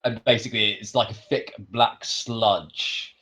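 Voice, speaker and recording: Man, low voice, slow pace, casual game chat, thinking aloud. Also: fairly even intonation, pushed and bright. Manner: thinks aloud while describing. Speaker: player and world builder.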